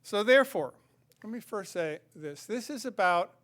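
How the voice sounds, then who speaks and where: An older American man gives a public lecture to an audience. His voice sits high for a man, and he talks in a reflective, conversational way, pausing on fillers as he gathers his thoughts. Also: lively intonation, a bit bright. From United States. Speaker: guest lecturer. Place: lecture hall.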